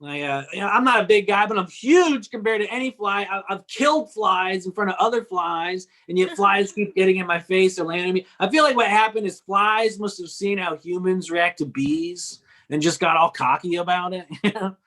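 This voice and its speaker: Man, stand-up comic, high voice, wry rambling delivery, video call. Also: moderate pace, few pauses, bright, forceful tone. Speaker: stand-up comedian.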